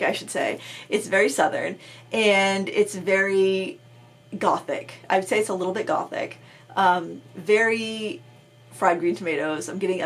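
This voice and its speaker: This is a middle-aged woman hosting a casual livestream chat about crafts. Her talk is rambling and chatty, full of restarts and fillers. Her pitch sits in the middle range. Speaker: craft channel host.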